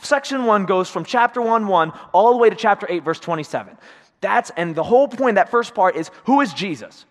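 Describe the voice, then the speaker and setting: A pastor preaches a sermon in a church sanctuary, his voice sitting high, expressive, and a little fast, with a big-room sound. He talks conversationally, acts out quotes, and often checks in with listeners by asking "right?".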